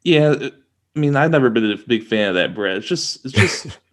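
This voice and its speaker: A man's voice: mid-range voice, expressive, a little fast. A young man co-hosting a podcast in casual chat, speaking in a laid-back, mild way and often restarting his sentences. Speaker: podcast co-host.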